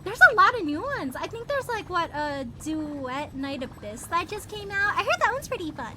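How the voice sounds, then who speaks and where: A woman's voice: very high voice, sing-song, moderate pace, very noisy. A woman streamer chatting casually with her live chat, bubbly and giggly, greeting viewers by name, her voice still recovering from strain. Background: game music.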